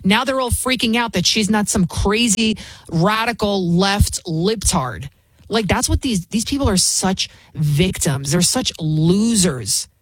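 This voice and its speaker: A woman's voice: medium pitch, animated, unhurried, husky, no echo. A woman filling in as a talk radio host, ranting in a combative, mocking way with frequent restarts. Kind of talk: opinionated talk radio rant.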